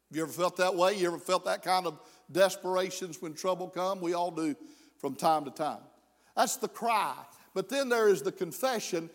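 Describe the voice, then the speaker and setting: A middle-aged man preaching a sermon, folksy and self-deprecating, rising to slow emphatic pleas. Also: high voice. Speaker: pastor. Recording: long hall reverb.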